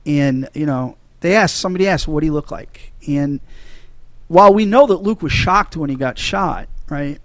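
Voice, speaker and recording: A man's voice: fairly high pitch, normal speed, no echo. A man hosting a casual movie-talk podcast, rambling and stumbling over his words as he gets emotional. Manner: rambling, restarts a lot, emotional. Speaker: podcast host.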